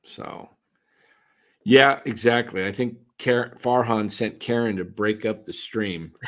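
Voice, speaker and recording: A man's voice: mid-range voice, animated, takes it slowly, pauses often, bright, forceful tone. Rambling man chatting about baseball. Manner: rambling, restarts sentences often. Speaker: podcast co-host. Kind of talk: casual postgame chat. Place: attended the game in a ballpark, now talking on a stream.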